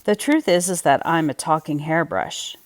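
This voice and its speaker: A woman voicing an excitable prickly male creature who plays a bossy pirate captain in a storybook. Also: moderate pace, lightly acted. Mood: playful. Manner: exclamatory, high and bossy.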